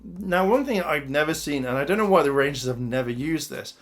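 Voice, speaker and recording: A man's voice: a little high, animated, brisk. A man giving a casual, rambling episode review, full of fillers and restarts.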